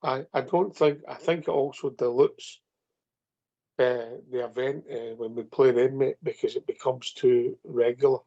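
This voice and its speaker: A man's voice: mid-range voice, steady tone, unhurried, creaky, mellow. A Scottish man hosting a football phone-in show, chatty and tagging "mate" onto his sentences. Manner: chatty, says mate constantly. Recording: dull lo-fi phone-in audio.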